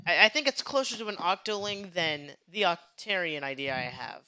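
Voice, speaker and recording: Bright, stammering young podcast host. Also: mid-range voice, moderate pace. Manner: stammering, restarts sentences mid-explanation. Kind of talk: casual gaming chat.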